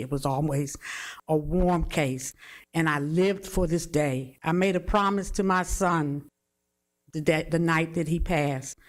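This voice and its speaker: A woman, the victim's mother, speaking earnestly at a press conference while holding back tears. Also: sits low. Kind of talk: emotional press conference statement.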